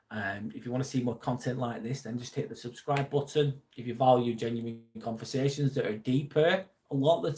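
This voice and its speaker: Earnest Lancashire man hosting a livestream. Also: mid-range voice. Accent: Lancashire English. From England. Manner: earnest, supportive, swears now and then. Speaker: live stream host. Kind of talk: casual live-stream chat reading viewer comments.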